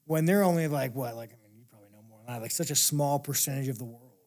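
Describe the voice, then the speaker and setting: A man's voice: mid-range voice, quick pace, a little mellow. A man as an interview guest, telling stories in a blunt, profane, casual way and laughing as he talks.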